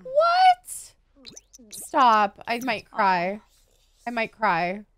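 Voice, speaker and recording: Very high-pitched gushing woman streamer. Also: expressive, normal speed, bright, forceful tone, a little hiss or hum. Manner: gushing, squealing and gasping; swears casually. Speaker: gaming streamer. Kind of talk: excited gameplay commentary.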